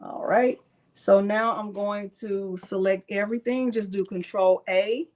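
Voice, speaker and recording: A woman's voice: mid-range voice, fairly even intonation, unhurried, a little mellow. A woman hosting a casual live crafting tutorial, chatting as she narrates each click and answers viewers in the chat, sometimes muttering to herself. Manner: talks to herself under her breath at times. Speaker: craft channel host.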